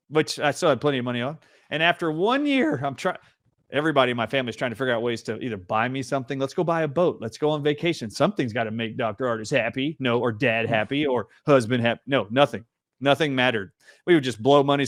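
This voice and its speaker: A middle-aged male host tells a personal story in an animated, emphatic way. He speaks at an ordinary mid-range pitch and acts out the dialogue as he goes. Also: no room sound, studio quality. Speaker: show host. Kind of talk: storytelling in a casual interview.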